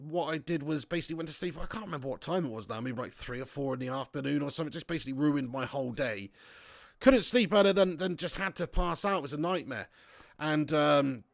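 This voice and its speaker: Chatty guy hosting a football watch-along, jokey rambling banter, slightly high voice, dry sound. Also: gravelly, dry recording. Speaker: livestream host reading viewer chat.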